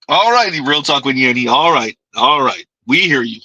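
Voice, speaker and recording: A man's voice: medium pitch, lively intonation, normal speed, hardly any pauses, sharp tone, breathy edge, no echo, rough recording. A man hosting a livestream, giving mocking reaction commentary with sarcastic repetition and frequent laughter. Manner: sarcastic, laughs often, repeats lines in ridicule.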